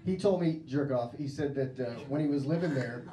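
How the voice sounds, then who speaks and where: A man's voice: medium pitch, fairly quick, distant mic, noisy background. An American man doing a stand-up comedy set in a club, crude and conversational, laughing at his own jokes. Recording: echoey club with crowd laughter.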